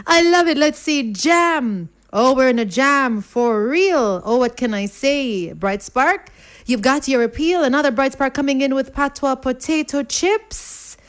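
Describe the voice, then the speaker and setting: A woman's voice: high voice, expressive, measured pace. A woman hosting a radio quiz, reading listeners' answers in a playful, rhyming patter.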